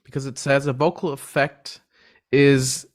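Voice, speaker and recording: Measured man co-hosting a vocal talk. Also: mid-range voice, flat delivery. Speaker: vocal coach co-presenter. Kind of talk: livestream discussion.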